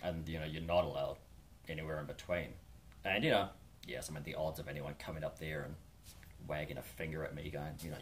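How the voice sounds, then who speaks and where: Low-voiced New Zealand hiker rambling. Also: male voice, fairly even intonation, fairly quick, slight background noise. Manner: laid-back, rambling, wry. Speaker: hiker vlogger. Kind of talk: casual storytelling.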